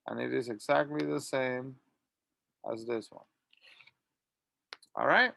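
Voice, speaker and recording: A man teaching an English grammar lesson, reading model sentences slowly and clearly for students to repeat. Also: mid-range voice, fairly even intonation, a bit bright, dry recording. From Latin America. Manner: slow, drawn-out model sentences.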